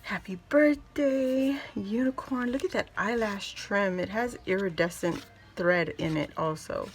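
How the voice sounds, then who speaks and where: Slow-talking gushing woman crafter. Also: lowish voice. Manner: gushing, excitable, reads cards aloud. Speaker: crafting channel host. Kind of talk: casual unboxing chat.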